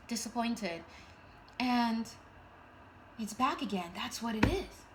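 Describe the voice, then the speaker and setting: A woman giving a casual tarot reading, chatty and animated with jokey asides. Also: mid-range voice, a little hiss or hum. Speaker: tarot reader.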